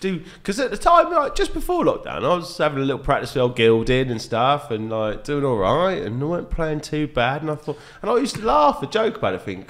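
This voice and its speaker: A man, a dart reviewer guest, chatting casually on a podcast and telling animated stories with frequent laughs and fillers. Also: a little high, a little fast, hardly any pauses. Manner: animated storyteller, laughs often, lots of fillers.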